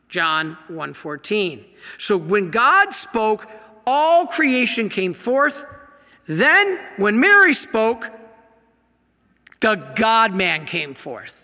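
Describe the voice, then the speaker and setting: A man, a Catholic priest, teaching his audience from slides in an animated way, with many rhetorical questions. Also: high-pitched, vocal fry. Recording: long hall reverb.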